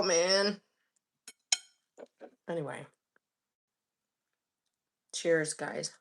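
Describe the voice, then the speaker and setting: A woman's voice: on the low side, moderate pace, long pauses, slight background noise. A woman in her forties hosting a live cooking stream, chatting casually and humming between bites. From Florida. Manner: relaxed, chatty, hums with food between remarks. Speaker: livestream host cooking and eating. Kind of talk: casual live chat while eating.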